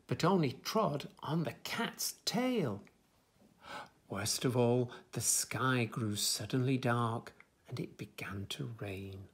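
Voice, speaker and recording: A man reading a children's picture book aloud in a gentle, expressive way. His voice is slow and gravelly, swinging widely in pitch as he tells the story.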